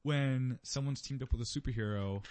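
A man's voice: medium pitch, moderate pace, darkish tone. A man in casual chat, riffing playfully on the others' stories.

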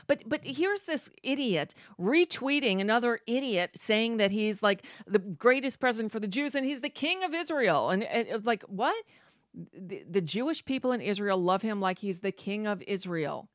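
A woman's voice: mid-range voice, a bit bright, dry recording, studio quality. A woman hosting casual political commentary, sarcastic and rambling with many fillers.

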